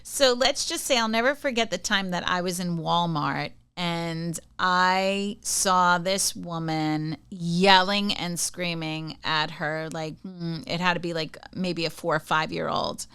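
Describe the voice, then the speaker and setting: Talking through her own anecdotes in a relaxed advice monologue, this middle-aged podcast host regularly checks in with listeners. She has a fairly low, clean, pushed and bright voice, speaks a little slowly with hardly any pauses, and the recording is dry.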